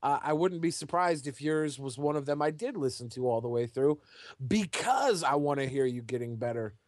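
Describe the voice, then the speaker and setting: A man's voice: mid-range voice, lively intonation, moderate pace, no echo, clean studio sound. A young man co-hosting a casual podcast in a laid-back, rambling way, often saying dude. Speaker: podcast co-host.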